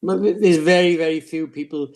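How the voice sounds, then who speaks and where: An older man telling anecdotes in casual chat, halting and repeating words. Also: on the high side, steady tone. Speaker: regular of the group chat. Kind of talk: casual chat among friends.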